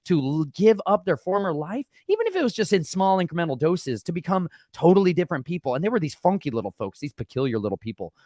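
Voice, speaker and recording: A man hosting his channel and telling his own story in an animated, rambling way. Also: a little high, fast, hardly any pauses, no room sound, clean studio sound. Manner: rambling and excitable, slipping into mock voices. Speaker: channel host. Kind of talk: animated personal testimony.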